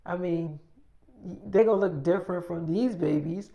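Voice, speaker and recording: A woman's voice: lowish voice, normal speed, dark tone. A woman spinning an improvised first-person story in a casual, profane way, acting out the dialogue as she goes.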